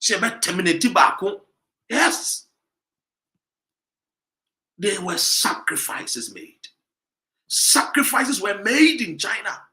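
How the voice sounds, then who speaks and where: A man with a Ghanaian accent giving emphatic commentary, full of rhetorical questions, sometimes loud and sometimes dropping low. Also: big pitch swings, takes it slowly, long pauses, roomy sound. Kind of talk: animated commentary mixing Twi and English.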